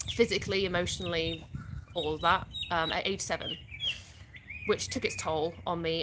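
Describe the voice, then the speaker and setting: A woman's voice: fairly low pitch, background noise. An English woman hosting a casual live stream, reading viewers' questions aloud and answering them chattily. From England (born in the US). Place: outdoors in the sun.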